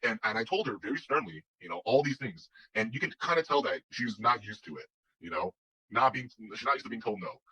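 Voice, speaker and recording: A man's voice: medium pitch, expressive, fairly quick, bright, forceful tone, slightly rough, low-quality recording. A man telling a personal story in a casual, rambling way, full of restarts and quoted dialogue. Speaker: guest telling his story.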